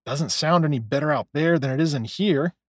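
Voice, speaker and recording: A man voicing a steady, blunt male warehouse veteran who talks in a matter-of-fact way. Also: fairly high pitch, a little fast, dry recording, studio quality, natural voice. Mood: wary.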